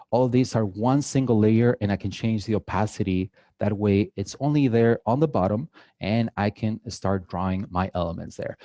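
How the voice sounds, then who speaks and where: Speaking to an audience in an event hall, a Mexican-accented man runs a casual live drawing demo, joking around and filling gaps with many "uh"s. He has a lowish, warm voice, captured in a dry recording.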